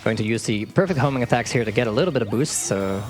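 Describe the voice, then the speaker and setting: On a marathon event stage, a speedrunner casually explains his game while playing it live, laughing often and stumbling over words. His medium-pitched voice is lively and fast, with faint game music behind him.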